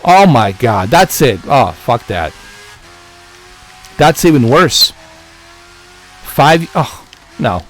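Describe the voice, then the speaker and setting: A man ranting heatedly as a gaming vlogger, swearing often and repeating his points in exasperation. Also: mid-range voice. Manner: profane, repetitive, exasperated. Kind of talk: heated rant to camera.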